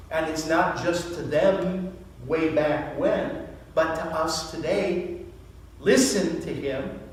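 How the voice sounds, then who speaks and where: Slow priest preaching in an echoey church. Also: male voice, high voice, recorded from a distance. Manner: slow, deliberate preaching with rhetorical questions. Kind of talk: sermon. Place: church sanctuary.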